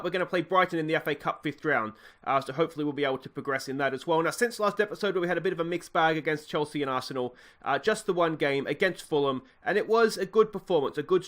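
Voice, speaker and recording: A man's voice: fairly high pitch, fairly bright tone. A man with an Australian accent hosting a video game let's play, chatty and easygoing with lots of fillers.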